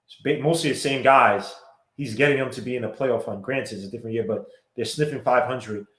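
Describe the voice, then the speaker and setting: A man hosting a sports podcast, chatting casually, excitable and quick to give shout-outs. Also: medium pitch. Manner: excitable, gives shout-outs, laughs loudly. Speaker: podcast host. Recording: echoey room.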